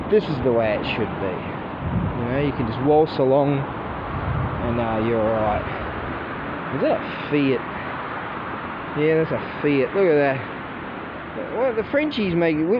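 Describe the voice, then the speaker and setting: A man with an Australian accent chatting casually while out walking, swearing freely and laughing at his own jokes. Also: on the high side. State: sleepy. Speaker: vlogger. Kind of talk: casual rambling monologue. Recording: muffled audio with street noise.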